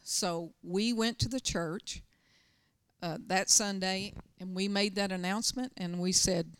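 A woman's voice: medium pitch, fairly even intonation, unhurried, a bit bright, smooth, no room sound, clean studio sound. A middle-aged woman pastor preaching a sermon, telling stories with emphatic, urgent bursts. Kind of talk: sermon with personal storytelling.

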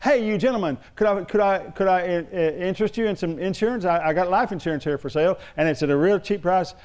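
A man's voice: high voice, sing-song, quick pace, warm tone, pitched above the performer's own voice. A preacher putting on a pushy mall saleswoman. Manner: eager, insistent, raised-up voice. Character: pushy friendly woman selling insurance at a mall.

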